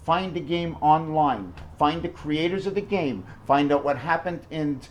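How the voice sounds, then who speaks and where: A man in a rambling monologue, jumping excitedly between numbers and firing off rhetorical questions. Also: unhurried, slight background noise. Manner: wide swings in pitch and loudness. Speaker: numerology video maker.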